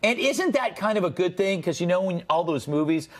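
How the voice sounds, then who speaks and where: A man hosting a late-night panel talk show, wry and jokey, reading news items and throwing quick asides to guests. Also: high voice, animated.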